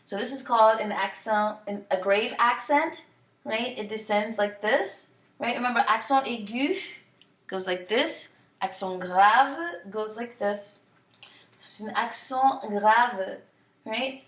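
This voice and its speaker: A woman teaching a French lesson. She switches between French and English, repeats words slowly, and asks the class questions before answering them herself. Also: a little high, fairly bright tone. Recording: echoey room.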